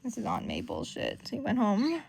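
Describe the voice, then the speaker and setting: A woman's voice: fairly high pitch, huge pitch swings, moderate pace, vocal fry, darkish tone, a little hiss or hum. A woman giving casual, profane, chatty commentary while reading comics aloud. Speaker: comic reader.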